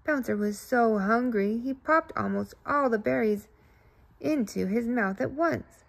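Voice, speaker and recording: Woman, children's story reader, playful, expressive, husky, gravelly. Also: a little high, measured pace.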